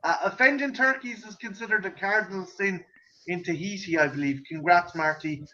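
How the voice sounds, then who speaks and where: A man tells a family story in loose casual chat, his voice high and bright. He swears freely and acts out his parents' lines. The audio is slightly muffled, with a faint hiss behind it. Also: brisk. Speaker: host.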